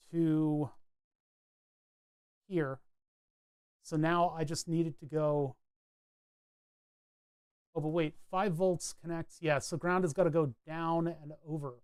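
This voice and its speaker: A man's voice: on the high side, clean tone, no room sound, clean studio sound. A man chatting casually as he solders a circuit board, rambling and narrating each step of his work. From New England. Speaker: electronics hobbyist streamer. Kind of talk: casual talk while soldering.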